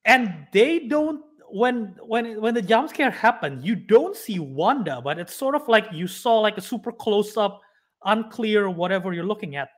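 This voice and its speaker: A young man co-hosting a podcast, rambling as he retells scenes and tosses in quick acted-out quotes. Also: high-pitched, lively intonation. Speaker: podcast co-host. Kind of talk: casual chat.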